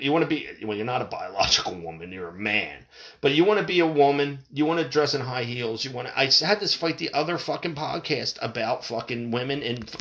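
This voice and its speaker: Middle-aged male podcast host, bright edgy voice, swears freely, keeps breaking into laughter. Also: mid-range voice. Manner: laughs often, profane, restarts sentences. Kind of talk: casual podcast rant.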